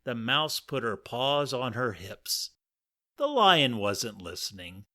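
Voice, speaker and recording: Male podcast narrator, unhurried, lively ups and downs, dry comic reading. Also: medium pitch.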